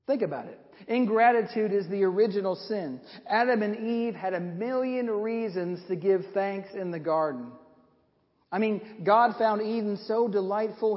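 A man preaching a sermon, emphatic, asking rhetorical questions and repeating words for stress. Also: sits high. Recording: dull lo-fi sound with long hall reverb.

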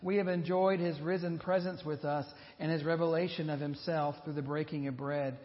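A male pastor delivers an earnest, measured sermon in a somewhat high, steady voice, pausing slowly for emphasis to press his points home. The audio is dull and lo-fi, with a long reverb trailing from the church hall around him.

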